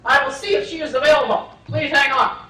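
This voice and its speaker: An older woman voicing a formal male Marine recruiting sergeant with crisp, clipped military courtesy, in an echoey room far from the mic. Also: sits high, fairly quick, bright, forceful tone. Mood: brisk formal.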